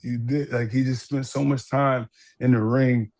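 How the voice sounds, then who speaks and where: A man, a professional boxer, answering an interview question in a halting way, laughing as he recalls things. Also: medium pitch, flat delivery, darkish tone.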